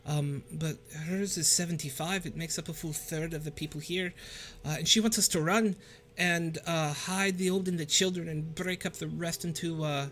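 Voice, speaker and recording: A man's voice: a little high, fairly even intonation, moderate pace, hardly any pauses, fairly bright tone, close to an everyday voice. A man voicing a worried female lizardfolk tribal leader with a put-on Irish accent, hesitant and stammering.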